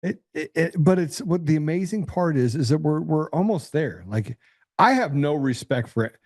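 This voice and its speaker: A man's voice: fairly high pitch, animated, moderate pace, a little mellow, dry recording, clean studio sound. A man hosting a political talk show, speaking bluntly and combatively, often repeating and restarting his words. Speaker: podcast host.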